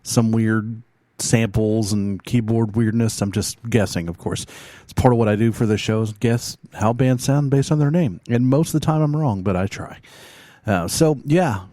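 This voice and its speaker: A man's voice: lowish voice, moderate pace, dark tone, no echo. A man hosting a music show alone in a studio, chatting casually in a meandering, joking way with many fillers and restarts. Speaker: radio show host reviewing bands. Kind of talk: casual rambling chat.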